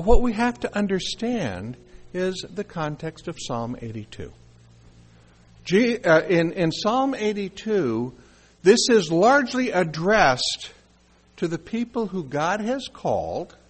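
A middle-aged man preaching a sermon, animated and acting out quoted lines as he teaches. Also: high-pitched, takes it slowly, breathy edge. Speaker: pastor.

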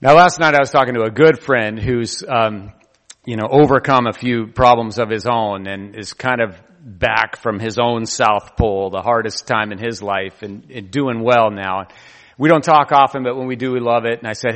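A male pastor delivers a sermon with lively storytelling, slipping into quoted voices. His mid-range voice rings with the long reverb of a large hall. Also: mid-range voice, brisk.

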